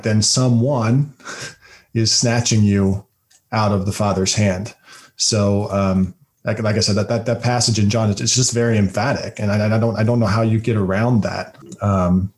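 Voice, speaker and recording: A man's voice: lowish voice, darkish tone. A man hosting a podcast, speaking emphatically with frequent restarts in a casual theological discussion. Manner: emphatic, many fillers and restarts. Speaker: podcast host.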